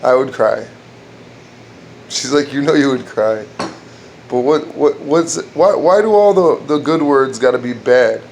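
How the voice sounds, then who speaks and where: A man riffs through crude jokes in a dark room at home, rambling and restarting his lines as he goes. His voice sits at an ordinary middle pitch. A faint air-conditioning hum runs behind him. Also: animated, a little slow, creaky. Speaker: amateur comedian trying out jokes. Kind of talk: casual joke-telling at home.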